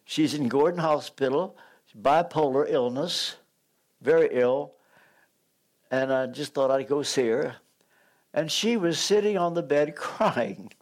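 A man's voice: fairly high pitch, lively intonation, takes it slowly, pauses often. An older man preaching a sermon, telling stories, acting out voices and joking when he loses his place. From United States.

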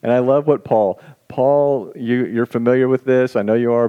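A man preaching a sermon in a conversational, folksy and self-deprecating way, reading scripture slowly and deliberately. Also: mid-range voice, steady tone, dark tone. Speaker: pastor.

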